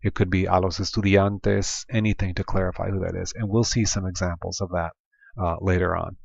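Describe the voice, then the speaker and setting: A man's voice: sits low, little pitch movement, a little fast, vocal fry, darkish tone, no echo. A man with an Oklahoma accent teaching a language lesson patiently, with frequent ums and restarts. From Oklahoma, United States. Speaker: Spanish teacher. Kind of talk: classroom lesson over slides. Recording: dull lo-fi voice-over.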